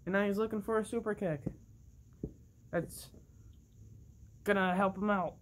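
Excitable wrestling play-by-play, slow drawn-out delivery, mid pitch, bursts of oohs. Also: a little hiss or hum. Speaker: play-by-play commentator. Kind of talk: excited wrestling commentary over a toy match.

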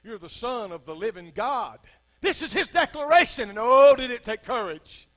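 Man preaching, high voice, passionate and dynamic delivery, muffled lo-fi recording with a low hum. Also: animated, moderate pace. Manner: impassioned preaching, swings from hushed to shouting. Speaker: pastor. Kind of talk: sermon.

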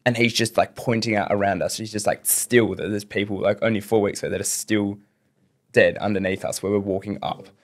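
A young man, his voice sitting fairly low, tells a rambling story on a casual podcast. He stumbles through restarts and "like"s as the story tumbles out. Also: little pitch movement. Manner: rambling, fast, lots of fillers and restarts. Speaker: podcast guest.

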